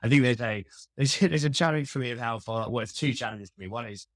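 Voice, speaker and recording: A customer experience expert, appearing as a podcast guest, talks fast at a medium pitch while sharing wry stories at his own expense. The conversation is a relaxed interview, recorded with studio quality and no room sound.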